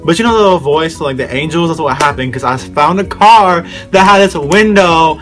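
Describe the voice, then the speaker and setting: A man's voice: mid-range voice, a bit bright. A young man telling a story in a casual vlog, rambling and slangy as he talks straight to his viewers. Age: young adult.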